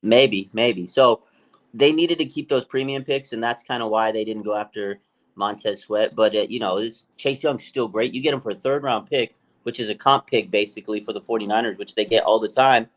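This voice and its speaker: A man co-hosting a live sports talk stream, telling stories in an excited, rambling way. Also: fairly low pitch, brisk, rough recording. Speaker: podcast co-host.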